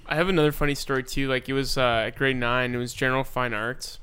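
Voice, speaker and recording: A young man co-hosts a podcast, casually recounting school stories in a fast, clean, medium-pitched voice. He's an animated storyteller who acts out the voices he quotes and laughs often.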